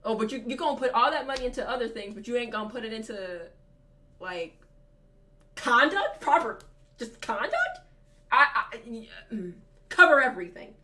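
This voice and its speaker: A woman's voice: a little high, expressive, moderate pace, pushed and bright, a little hiss or hum. A woman co-hosting a podcast in casual chat, thinking aloud in a rambling way with many fillers. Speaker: podcast co-host.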